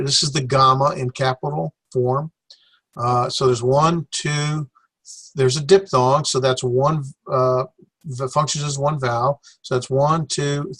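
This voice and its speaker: A man teaching a Greek class, lecturing slowly with many fillers and self-corrections. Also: medium pitch, a bit bright.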